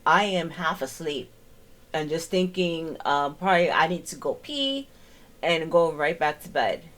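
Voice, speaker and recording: A woman's voice: deep voice, expressive, unhurried, a bit bright. A woman hosting a reaction commentary, sarcastic and exasperated as she picks apart a clip. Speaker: commentary host.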